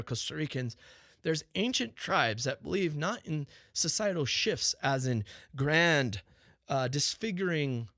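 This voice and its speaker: A man's voice: mid-range voice, a bit bright, no echo, clean studio sound. A man hosting his own talk show, ranting profanely in an unscripted monologue, firing rhetorical questions and restarting his sentences.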